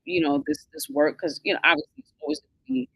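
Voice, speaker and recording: A woman with a gravelly edge to her voice, hosting a casual live conversation as a financial coach. Her pitch moves freely up and down while she talks things through, pausing to search for the right words. The sound is dry and close. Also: sing-song, fairly bright tone, dry recording, low-quality recording. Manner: thoughtful, searching for words with many fillers.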